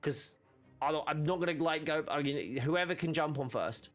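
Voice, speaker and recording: A man talks loosely over his game stream, trailing off and restarting his thoughts as he goes. His voice sits a little high for a man, and faint music plays in the background. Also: normal speed, a bit bright. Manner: rambling, chatty, many fillers and restarts. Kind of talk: casual gaming stream chat.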